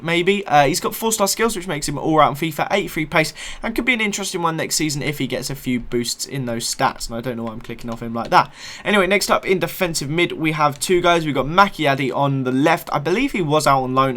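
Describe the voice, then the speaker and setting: Chatty young gaming commentator. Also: male voice, fairly high pitch, fairly bright tone. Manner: chatty, self-correcting, upbeat. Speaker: gaming YouTuber. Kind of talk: casual game commentary.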